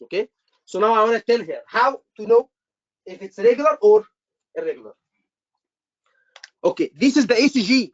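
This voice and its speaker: An instructor walks a live class through a method step by step, repeating each point several times and firing short questions at the students. The voice sits at a middle pitch. It comes through a dull, lo-fi class recording. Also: animated, moderate pace, long pauses. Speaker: medical exam instructor.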